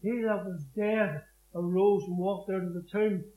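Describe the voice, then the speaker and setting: Male preacher, high voice, emphatic testimony storyteller who acts out the scripture he quotes. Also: steady tone, a little slow, warm tone, low-quality recording. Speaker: preacher giving his testimony. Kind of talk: personal testimony sermon.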